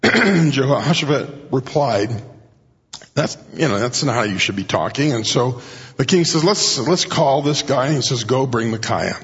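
A man preaching a sermon in a conversational way, often clearing his throat and raising his pitch to act out quoted speakers. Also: animated, a little slow, a bit bright. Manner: frequent throat clearing and restarts. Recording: dull recording in a reverberant hall.

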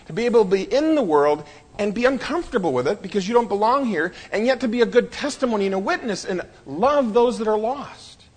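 A man preaching a sermon, pausing for effect and voicing the quotes he reads. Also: sits high, husky, big-room sound. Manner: preaching with dramatic pauses and voiced quotes. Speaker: pastor.

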